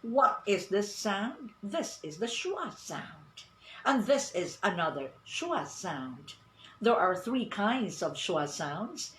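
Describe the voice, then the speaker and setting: A woman giving an online pronunciation lesson, speaking deliberately, repeating words and asking the class questions. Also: medium pitch, sing-song, a little hiss or hum. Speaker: English teacher. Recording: roomy echo.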